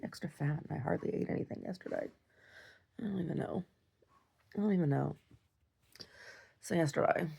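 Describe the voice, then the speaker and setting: Low gravelly woman rambling in her diary. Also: moderate pace, long pauses, dark tone. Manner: rambling, self-deprecating chatter. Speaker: video diarist. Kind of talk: casual video diary.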